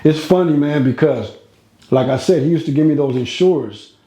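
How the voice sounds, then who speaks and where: A man's voice: on the high side, normal speed, warm tone. A man telling a casual, slangy, rambling story from his own life, recorded with a roomy echo. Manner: slangy, rambling, street talk.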